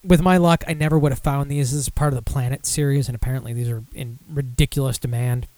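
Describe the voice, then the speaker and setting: A man's voice: medium pitch, steady tone, quick pace, darkish tone, dry recording. A young man hosting a casual podcast, rambling and self-deprecating with lots of fillers while running through beer news. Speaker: podcast host.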